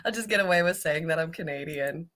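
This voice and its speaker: A chatty woman with a Californian accent hosts a casual live stream. Her voice is low-pitched but sharp and bright, and she rambles through her thoughts with frequent laughter. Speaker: host.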